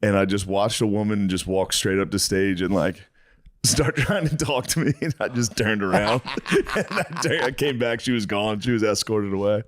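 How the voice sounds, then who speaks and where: A man co-hosting a podcast, telling animated stories and laughing often. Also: on the low side, normal speed, no echo. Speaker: podcast co-host. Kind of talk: casual chat.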